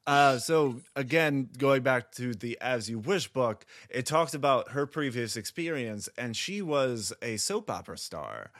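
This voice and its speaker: Measured man in casual movie chat. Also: mid-range voice, animated, fairly bright tone, no echo, studio quality. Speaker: podcast co-host.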